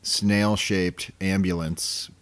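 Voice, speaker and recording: A man's voice: low voice, fairly even intonation, very slow, fairly bright tone, no echo. A young man co-hosting a podcast, talking in a laid-back, rambling way in a casual chat. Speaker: podcast co-host.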